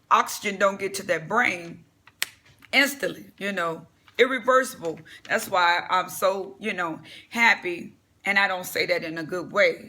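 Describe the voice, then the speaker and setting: A man's voice: high voice, sharp tone. A man giving casual vlog commentary, blunt and profane, rambling with fillers and telling a personal story. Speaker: vlogger.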